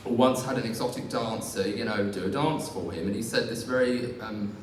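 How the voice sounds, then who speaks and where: A man's voice: fairly low pitch, a little fast. A young man doing a live stand-up set, rambling and self-deprecating with many fillers and restarts. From England. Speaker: stand-up comedian. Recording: far-off echoey hall recording, faint noise.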